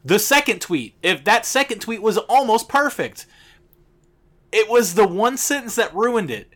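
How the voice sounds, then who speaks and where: A man's voice: high-pitched, expressive, moderate pace, a bit bright. A man co-hosting a podcast, blunt and emphatic, swearing casually as he talks. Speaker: podcast co-host.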